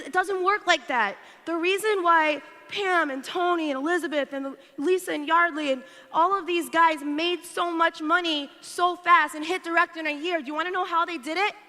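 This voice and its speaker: A woman's voice: high-pitched, sharp tone. A woman speaker rallying the audience at a convention with an upbeat stage talk. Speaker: conference speaker. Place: large convention hall. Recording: long hall reverb.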